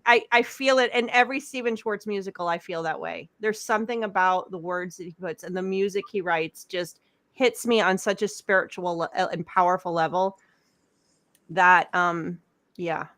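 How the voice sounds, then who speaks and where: A woman on a panel speaking softly and with feeling. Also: fairly low pitch, normal speed, no echo. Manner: emotional, soft-spoken. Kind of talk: casual chat.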